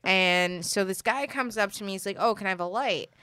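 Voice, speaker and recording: Brief: young New woman, lively swearing storyteller, dry close sound. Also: medium pitch, brisk, clean tone, no echo. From New York, the Bronx. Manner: animated storyteller, acts out other people's lines, swears freely. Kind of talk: casual storytelling chat.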